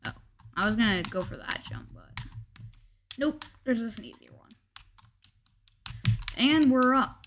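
A woman's voice: on the high side, expressive, measured pace, pauses often, fairly bright tone, slight background noise. A woman chatting casually as she narrates her gameplay, commenting on every move and joking about herself. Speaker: gameplay video host.

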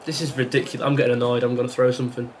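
A man's voice: mid-range voice, flat delivery, racing, slight background noise. A young man commentating his own football video game, exasperated and sarcastic as he rants at the match. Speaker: gaming YouTuber. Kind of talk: frustrated live gameplay commentary.

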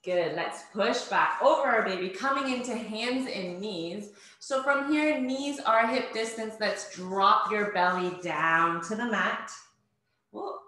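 A woman guides a home workout, calmly walking students through each breath and stretch with steady encouragement. She speaks at a slow, unhurried pace, and her voice rings in a strongly echoing room. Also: medium pitch. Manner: encouraging, cues breathing and movement step by step. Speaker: fitness instructor. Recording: very echoey room.

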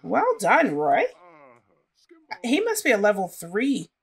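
A woman's voice: mid-range voice, huge pitch swings, slow pace, husky. A woman casually commenting on her life-simulation gameplay and chatting to her characters as she plays. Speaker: gaming channel host.

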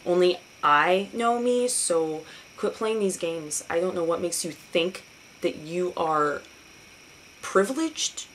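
Brief: young woman vlogger, lowish voice, sarcastic and profane, faint room hum behind. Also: slow pace, poor audio. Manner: sarcastic, profane and animated, mocking others in put-on voices. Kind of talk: casual ranting vlog.

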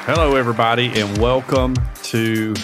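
A man's voice: medium pitch, steady tone, moderate pace, over music, a crowd in the background. A man co-hosting a casual podcast chat, joking and chuckling through his remarks into a close mic. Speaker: podcast co-host.

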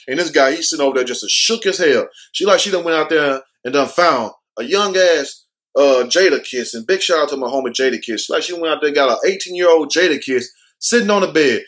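A man's voice: on the high side, lively intonation, a little fast, a bit bright. A man hosting his own show, riffing on a viral video in loose, joking street slang aimed straight at his viewers. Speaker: show host. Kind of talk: casual commentary on a viral video.

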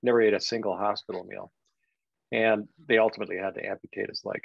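An older man, a guest on a podcast, telling a personal story in a reflective, halting way with many "you know"s. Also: fairly low pitch, fairly even intonation, gravelly, breathy edge, no room sound. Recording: dull, dry lo-fi sound.

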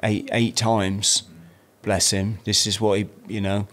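A podcast guest in his fifties, a man from South-East London with an English accent, tells his story in a casual, rambling, animated way, restarting often and swearing a lot. His voice is lowish and he takes it slowly.

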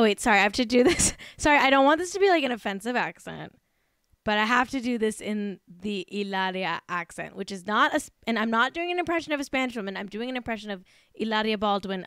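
A woman's voice: medium pitch, lively intonation, quick pace, a bit bright, clear, resonant tone, dry recording, studio quality. A woman hosting a casual celebrity gossip podcast, sarcastic and exasperated, swearing freely. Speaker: podcast host.

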